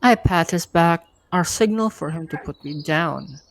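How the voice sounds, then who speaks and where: A woman hosting a live reading night and narrating a first-person story in a steady, easygoing way. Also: on the low side, measured pace, creaky. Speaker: host and narrator.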